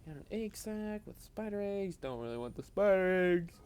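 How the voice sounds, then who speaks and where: A man's voice: sits high, expressive, brisk, dark tone, clear, resonant tone. Tired young man rambling over gameplay. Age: young adult. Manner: rambling, self-deprecating, chatty. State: tired, yawning. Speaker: gaming video host. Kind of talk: casual gameplay commentary voice-over.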